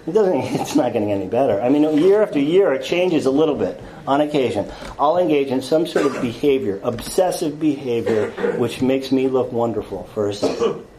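A man with a mellow, low-key tone shares his own story before a group. He stumbles and restarts often and pokes fun at himself with a dry wit. A faint hiss sits under his voice. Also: expressive, poor audio. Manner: halting, stammered restarts, wry self-mocking humor. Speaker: speaker telling his life story to a group. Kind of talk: confessional storytelling talk.

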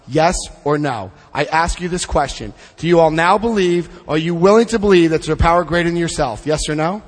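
A man's voice: a little high, fairly quick, few pauses, long reverb tail. A man leading a twelve-step study group, reading passages aloud and adding blunt, joking asides. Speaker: recovery workshop leader.

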